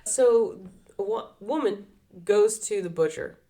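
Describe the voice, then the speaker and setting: A woman's voice: mid-range voice, a little slow, dark tone. A woman co-hosting a podcast in casual chat, chatty and breaking off her own sentences. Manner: chatty, self-interrupting. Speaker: podcast co-host.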